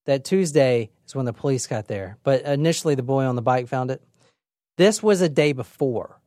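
A young adult woman hosting a casual true crime podcast, telling the story in a lively, chatty way with swearing and acted-out quotes. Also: a bass voice, normal speed, no room sound, clean studio sound. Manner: lively, swearing, laughs often, acts out quotes. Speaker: podcast host.

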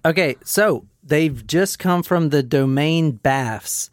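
A man's voice: fairly high pitch, no echo, studio quality. A man hosting a comedic podcast, joking crudely and reading a case aloud. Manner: crude joking, quick narrating. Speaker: podcast host.

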